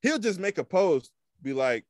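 Animated slangy man, dry close mic. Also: moderate pace, dry recording. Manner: animated, slangy, jumps in pitch when riled up. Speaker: podcast co-host. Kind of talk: casual chat.

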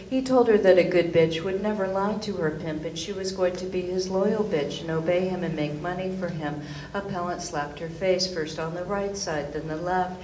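A woman giving a live reading in a venue, chanting long lists of words in steady succession, then recounting events in a flat, deadpan way. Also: fairly low pitch. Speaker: writer giving a public reading. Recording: echoey venue with faint background hum.

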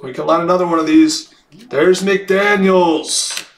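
A man hosting a live card break, calling out each card and shouting at big hits. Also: sits high, a little slow. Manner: excited, calls out card hits. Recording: echoey room with faint noise.

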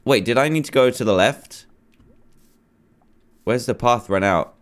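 A man commenting nervously as he plays a horror game, pleading and reacting loudly to scares. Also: mid-range voice, unhurried. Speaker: gamer.

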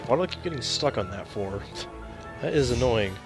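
A man's voice: mid-range voice, lively intonation, brisk, over music. A young man joking and chatting casually while commenting on a game. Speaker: gameplay commentator.

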